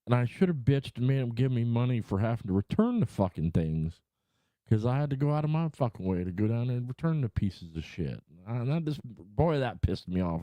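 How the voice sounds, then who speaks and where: Very animated at a normal speed, a middle-aged livestream host with a medium-pitched, dark voice chats and rants to his viewers from a room at home, rambling, swearing constantly and getting worked up. There's no room sound.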